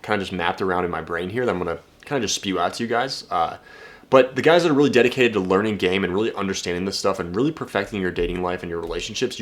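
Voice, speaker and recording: A young man talking casually to camera as a dating coach, blunt and energetic, swearing freely and restarting his sentences. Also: low-pitched. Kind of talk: casual direct-to-camera talk.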